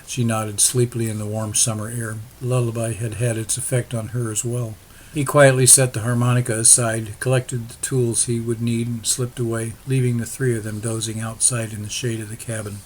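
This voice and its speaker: A man reads a novel aloud in a steady, even storytelling manner. His voice is of ordinary pitch for a man. A faint noise sits beneath the recording. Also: brisk. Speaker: audiobook narrator. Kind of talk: scripted narration.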